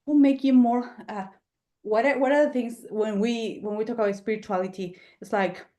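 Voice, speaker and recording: Podcast host, woman, higher voice, heated and animated, swears a lot in casual interview chat. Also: moderate pace.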